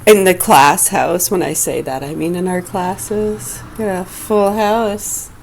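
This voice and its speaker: A woman's voice: lowish voice, steady tone, slow pace, creaky, a little hiss or hum, rough recording. Blunt profane woman in her forties. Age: 40s. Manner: blunt, profane, agitated ranting. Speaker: vlogger. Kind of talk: casual talk to camera. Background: music playing.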